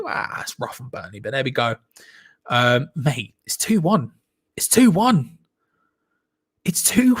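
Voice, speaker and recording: A young man hosting a live football watch-along, reacting excitedly to the match and chatting with viewers. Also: medium pitch. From England. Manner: excitable, shouts and laughs at goals, chats to viewers. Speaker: fan channel host.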